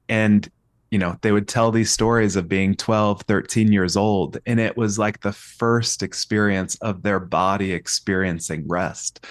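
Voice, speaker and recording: Low-voiced reflective male therapist. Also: steady tone, measured pace, no echo, clean studio sound. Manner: reflective, searching with frequent restarts. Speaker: therapist guest. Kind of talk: podcast conversation.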